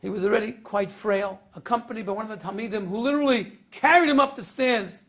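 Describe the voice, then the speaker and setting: A man with a very high, gravelly voice tells a sermon story with a lilt. He goes from a near hush to loud, emotional peaks as he acts out the scenes. He speaks as a rabbi drawing a lesson for his listeners. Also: quick pace. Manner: dramatic storyteller, swings from hushed to loud.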